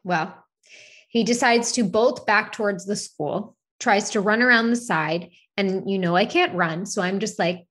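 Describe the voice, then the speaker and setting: Thirtyish woman on a podcast, middle pitch, super candid, swears, says like a lot. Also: a little slow, fairly bright tone. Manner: candid, swears casually, many "like" fillers. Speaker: podcast co-host. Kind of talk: casual chat, personal storytelling.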